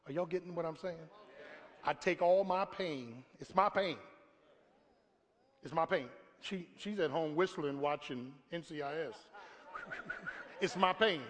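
A middle-aged pastor preaching a sermon, telling stories and calling out to his congregation, sometimes shouting. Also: a little high, measured pace. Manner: storytelling preacher, shouting at climaxes, talks to the congregation. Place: church hall before a congregation. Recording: live church recording with long reverb.

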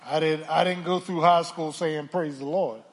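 An older man preaching a sermon from the pulpit, calling for a witness and swinging from hushed asides to shouts. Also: fairly high pitch, steady tone, moderate pace, slight background noise. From Philadelphia. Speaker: pastor. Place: church sanctuary. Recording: church hall reverb.

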